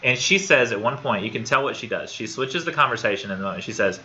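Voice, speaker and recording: A man's voice: mid-range voice, lively intonation, quick pace, few pauses, sharp tone. A man teaching a college literature class, talking casually and thinking aloud, often repeating words as he goes. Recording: dull lo-fi classroom recording with faint noise.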